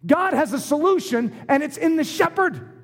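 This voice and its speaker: A man's voice: extremely high pitch, moderate pace. A man preaching a sermon, acting out short voices in his illustrations. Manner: animated, acts out little voices in his illustrations. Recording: long hall reverb.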